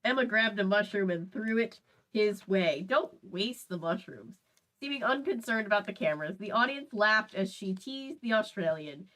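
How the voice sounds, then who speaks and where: A woman's voice: mid-range voice, lively intonation, normal speed, a bit bright, poor audio. Woman reading fan fiction aloud, playful. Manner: playful, laughing, stumbles and adds asides while reading. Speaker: host.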